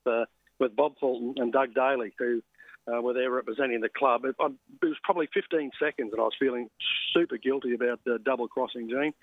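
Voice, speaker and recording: A man from Queensland with an Australian accent, telling an animated story with many fillers as an interview guest. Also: mid-range voice, dry recording, phone-quality sound. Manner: animated, with fillers and quoted voices. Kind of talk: anecdotal storytelling.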